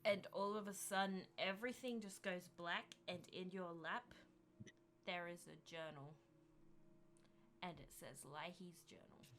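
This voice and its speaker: A woman running a tabletop game as game master, narrating the scene in a measured storytelling way. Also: fairly low pitch, steady tone, fairly bright tone, slight background noise.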